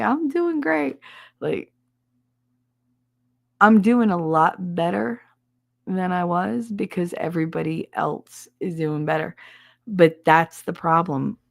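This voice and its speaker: A middle-aged woman with a thick regional American accent, chatting bluntly and confidingly on a casual livestream, swearing freely. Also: deep voice. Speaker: streamer.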